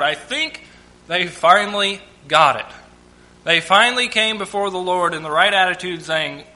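A man's voice: high voice, moderate pace, bright, forceful tone, rough recording. A man teaching from the Bible, reading scripture aloud and stopping to comment in plain, conversational asides. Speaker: preacher.

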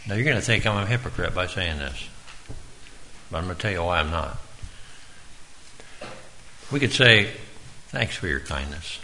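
A man's voice: deep voice, lively intonation, moderate pace, pauses often, sharp tone, a little hiss or hum, low-quality recording. A man giving an informal, earnest sermon in a folksy way, now and then calling on listeners by name. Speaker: preacher.

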